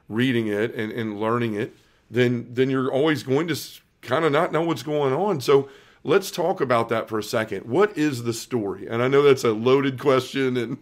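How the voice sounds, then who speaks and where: A man hosting a casual conversation, speaking with frequent stammered restarts. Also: mid-range voice. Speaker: host. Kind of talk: casual chat.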